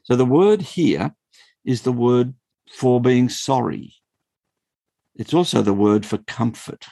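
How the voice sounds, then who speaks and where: A man, a former school principal, teaching the Bible in an animated, storytelling way, often chuckling. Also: mid-range voice, takes it slowly, gravelly, no room sound. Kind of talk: explanatory Bible talk.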